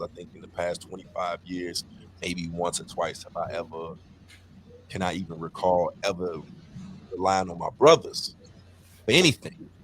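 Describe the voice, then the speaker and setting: A very deep-voiced man co-hosting a podcast, speaking openly and swearing freely as he tells stories. A faint background noise sits under his voice. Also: fairly bright tone. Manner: candid, profane, storytelling. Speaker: podcast co-host. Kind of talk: casual podcast chat.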